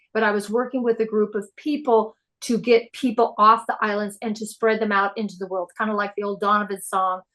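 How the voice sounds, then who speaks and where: A woman guest on a podcast, telling personal stories in an excitable, animated way. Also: mid-range voice. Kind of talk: casual spiritual interview chat.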